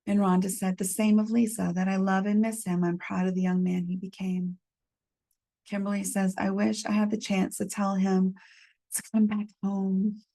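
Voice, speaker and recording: A woman leading a support group through a gentle guided reflection, calmly reading out messages from the chat. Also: medium pitch, vocal fry. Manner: gentle, unhurried, reads chat messages aloud. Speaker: medium leading a healing workshop.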